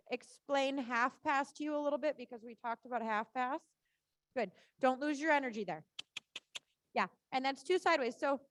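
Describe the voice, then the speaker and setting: A woman's voice: high-pitched, no room sound. A woman riding instructor coaching a rider through a live lesson, chatty and encouraging, often saying "right?" and "good".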